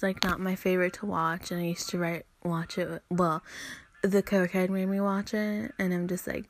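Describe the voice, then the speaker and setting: A young woman podcaster ranting in a rambling, profane monologue, venting about her frustrations. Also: on the low side. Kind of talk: solo podcast rant.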